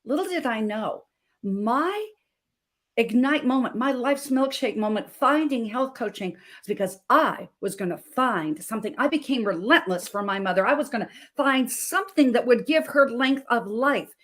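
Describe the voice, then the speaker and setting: Her voice is a little high and expressive, paced moderately. She's a middle-aged guest from Montana, a health coach giving personal testimony on a talk show with emphasis and feeling.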